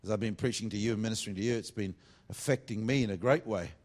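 Fervent revivalist preacher man. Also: quick pace. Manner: swings between loud fervent bursts and low confiding asides. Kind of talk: sermon. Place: church meeting.

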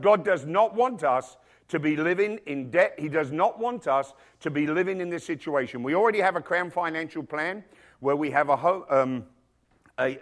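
A middle-aged man preaching a sermon to his church, emphatic and full of rhetorical questions. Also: a little high. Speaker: pastor. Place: church with congregation and children.

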